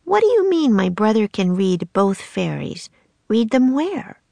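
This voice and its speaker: A woman voicing an eager, bold little girl in a storybook reading, excited and pleading. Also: mid-range voice, a little slow, vocal fry, no room sound, voice pushed up, exaggerated voice. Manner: excited, pleading, rising questions.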